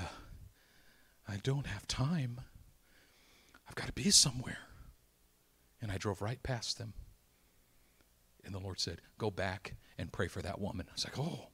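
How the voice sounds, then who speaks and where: A man delivering a sermon with a bright, forceful edge to his voice. He tells his story dramatically, sinking to hushed whispers at one moment and rising to loud, excited exclamations the next. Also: medium pitch, husky. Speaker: preacher.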